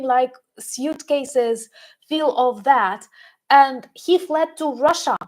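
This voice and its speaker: Woman host, fairly high voice, unhurried and halting, leaning hard on key words. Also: a little mellow, poor audio. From Ukraine. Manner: hesitant, many fillers and restarts, emphatic. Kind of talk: live-stream commentary.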